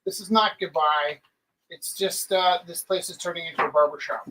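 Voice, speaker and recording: A man's voice: a little high, steady tone, normal speed, sharp tone, poor audio. A middle-aged man hosting a live art auction, chatting casually and rambling through stories with many fillers. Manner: rambling, storytelling with filler words. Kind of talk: casual live-stream chat.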